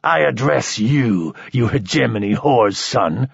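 A man's voice: mid-range voice, animated, slow pace, creaky, husky, no echo, lo-fi sound, full character voice. A man voicing an arrogant, hot-headed young nobleman who sneers and hisses his insults. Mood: sneering. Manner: sneering, hissing, shouting threats.

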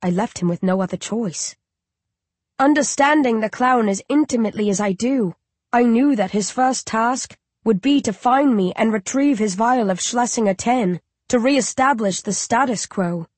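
A woman narrating an audiobook in first person, in a measured, reflective storytelling manner, close to the mic. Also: fairly high pitch, darkish tone, no room sound.

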